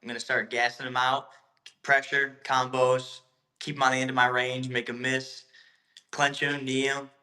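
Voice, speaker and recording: A man's voice: mid-range voice, flat delivery, moderate pace, pushed and bright. A young man, a kickboxer guest, answering interview questions briefly and confidently. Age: young adult.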